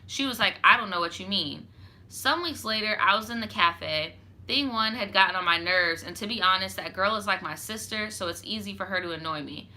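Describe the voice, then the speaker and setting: Brisk and pushed, her bright mid-range voice carries a viewer's story read aloud by a young storytime host. She pauses for frank, foul-mouthed, sassy remarks loaded with "like."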